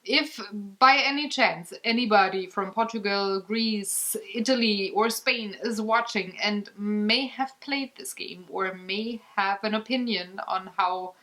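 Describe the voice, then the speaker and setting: A woman's voice: medium pitch, unhurried, hardly any pauses, bright, forceful tone, poor audio. Brief: young woman host, German first language, cheerful and giggly, casual couch chat. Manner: giggly, cheerful sign-offs. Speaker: vlog host. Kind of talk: casual board game chat.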